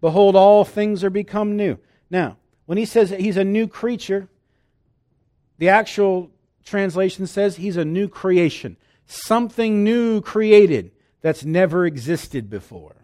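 A preacher delivers a sermon in a slightly high voice. He is emphatic, rising to loud declarations and dropping to hushed asides as he acts out the lines he quotes.

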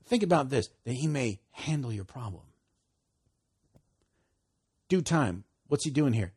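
A man preaching with a husky voice that swings up and down in pitch. He reads scripture aloud, laughs often and drops to quiet asides between louder lines. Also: a little slow. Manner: animated, laughing often, dropping to soft asides. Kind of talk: sermon.

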